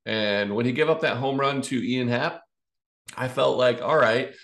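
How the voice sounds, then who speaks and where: A man's voice: medium pitch, normal speed, fairly bright tone. A man co-hosting a casual sports podcast, recapping a baseball game with stats and fillers. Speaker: podcast co-host.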